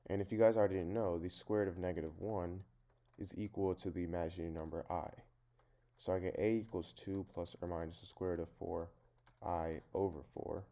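A man's voice: low-pitched, steady tone, brisk, warm tone. A man teaching a math lesson, talking through each step in a plain, methodical way. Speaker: math tutor.

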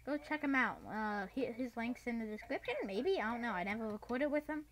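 Excitable high-voiced woman gamer. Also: brisk, a little hiss or hum. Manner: excitable, bursts into shrieks and yells, says dude a lot. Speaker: gaming channel host. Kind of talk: gameplay commentary.

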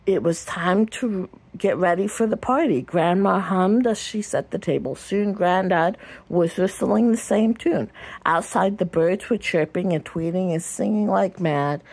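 A woman reading a children's picture book aloud in a gentle storytelling voice, with small slips and restarts. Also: lowish voice, unhurried, creaky, slightly rough. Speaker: storybook reader.

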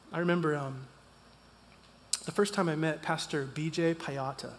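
A man in his thirties preaching in a church, telling a personal story, animated and swinging from loud to hushed. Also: sits high, moderate pace, slight background noise. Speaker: pastor. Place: church sanctuary. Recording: long reverb of a church hall.

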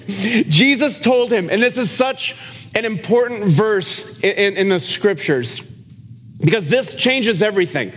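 A man preaching a sermon with an earnest, conversational warmth and a self-deprecating streak, often stumbling over his first words. His voice sits high for a man. It carries through a church hall with a long, trailing reverb. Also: animated, normal speed. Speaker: pastor. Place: church sanctuary.

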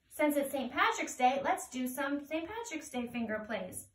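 Woman, children's storyteller, gentle sing-song read-aloud, high-ish, roomy distant sound. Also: big pitch swings, normal speed, hardly any pauses. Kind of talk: reading a picture book aloud.

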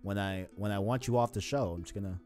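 Slangy young man with a low voice. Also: quick pace, music in the background. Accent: faint New York. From New York. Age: 20s. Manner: laid-back, slangy, rambling. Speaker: podcast host. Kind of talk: casual podcast chat.

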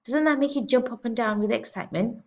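A woman's voice: on the high side, fast, darkish tone, lo-fi sound, voice pushed up, lightly acted. A woman reading a storybook aloud, voicing a polite but firm young schoolteacher. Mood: earnest.

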